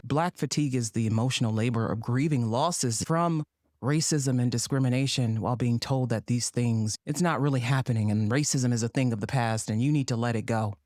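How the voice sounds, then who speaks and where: A woman's voice: very deep voice, a little fast, a little mellow, no room sound, clean studio sound. A woman hosting a commentary monologue, sassy and sarcastic in her delivery. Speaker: podcast host.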